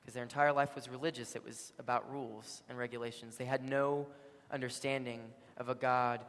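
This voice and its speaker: A man preaching a sermon, telling a story with dramatic swings between loud and hushed. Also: medium pitch, fairly even intonation, fairly quick. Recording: long hall reverb.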